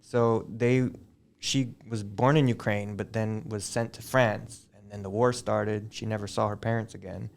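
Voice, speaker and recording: A middle-aged man, a high school teacher, chatting as a guest on a school podcast and telling long, digressive stories. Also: steady tone, measured pace, gravelly. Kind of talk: casual interview chat.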